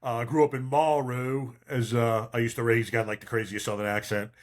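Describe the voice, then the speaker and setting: A man's voice: mid-range voice, flat delivery, fairly quick. Guy in his 50s hosting a podcast, medium voice, calls everyone bro. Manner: chummy, calls guest bro and brother. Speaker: podcast host. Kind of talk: casual interview chat.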